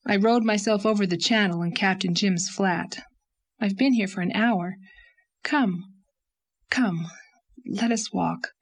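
A woman's voice: medium pitch, a little slow, pauses often. A woman reading an audiobook, voicing a passionate, restless young woman in anguish, with an emotional, pleading delivery. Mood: distraught. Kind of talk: audiobook character voice.

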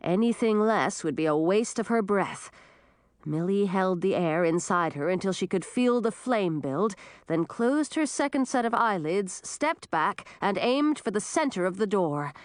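A woman narrating a fantasy storybook in an expressive, animated reading. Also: medium pitch, a little slow, no room sound, studio quality. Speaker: audiobook narrator.

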